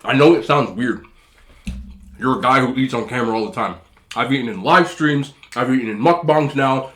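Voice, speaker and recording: A man's voice: mid-range voice, moderate pace, a bit bright. Chatty, slightly nasal man eating on camera. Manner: rambling, chatty, talks between bites. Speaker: food vlogger. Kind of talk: casual mukbang chat while eating.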